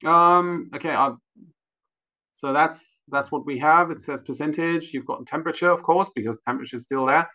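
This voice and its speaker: A man explaining a measuring device in a hesitant, careful way, pausing often as he searches for words. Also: fairly high pitch, sharp tone. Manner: hesitant, many fillers and restarts. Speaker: product expert. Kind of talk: technical explanation. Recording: dull lo-fi sound.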